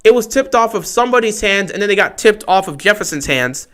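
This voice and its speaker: A man giving excitable fan play-by-play commentary on a livestream, talking straight to his team. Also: high voice, fairly quick.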